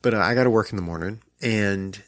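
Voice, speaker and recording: A man's voice: on the low side, quick pace, no room sound. A young adult man co-hosting a podcast, telling a story in a joking, casual way. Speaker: podcast co-host. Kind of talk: casual chat.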